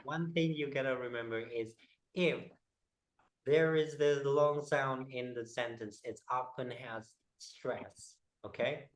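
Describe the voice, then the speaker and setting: A man leads a one-on-one pronunciation lesson in a slow, unhurried way. He explains haltingly, pausing on fillers as he searches for words. His voice sits at an ordinary middle pitch. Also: rough recording. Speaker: English teacher.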